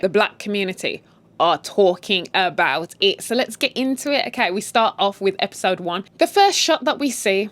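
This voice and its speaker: A woman's voice: medium pitch, no room sound. A British woman from the UK casually retelling a drama series, chatty and blunt, slipping into quotes and swearing. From United Kingdom. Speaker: series recap host.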